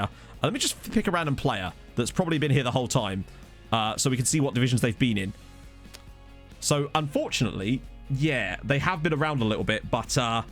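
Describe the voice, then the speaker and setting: A man chatting casually on a live stream as he plays a football management game, rambling and answering viewers. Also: mid-range voice. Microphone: desktop USB microphone.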